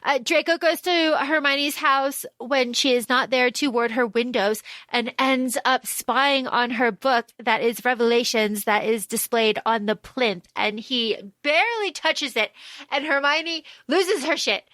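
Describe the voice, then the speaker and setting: Woman, podcast co-host, casual chat, gushing, acts out quotes, high voice, close dry sound. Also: measured pace, no echo. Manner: gushing, animated retelling with quoted character lines. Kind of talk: casual book-recap chat.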